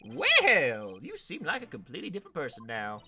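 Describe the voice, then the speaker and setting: Loud, bright-voiced joking man. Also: on the high side, wildly swooping pitch, a little fast, vocal fry, soft background music. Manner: loud, joking, swings between mock outrage and laughter. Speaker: let's play host. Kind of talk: casual gameplay banter.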